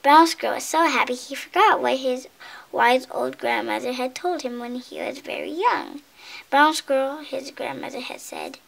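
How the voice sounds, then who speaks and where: High, lively woman reading a story. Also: normal speed, vocal fry. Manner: expressive read-aloud with slips and asides. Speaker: storybook reader. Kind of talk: reading a picture book aloud.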